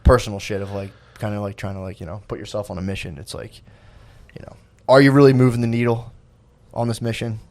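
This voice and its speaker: A man's voice: on the low side, fairly even intonation, a little fast, a little mellow. A man talking as a podcast guest in casual chat, rambling and self-deprecating, calling himself sensitive.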